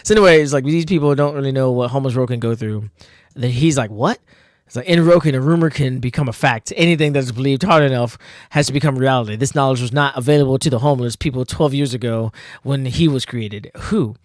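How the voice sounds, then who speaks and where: A man's voice: medium pitch, fast talker, dry recording, clean studio sound. A man casually reading through his own old comic, laughing a lot and poking fun at himself with many fillers. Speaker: comic artist reviewing own old work.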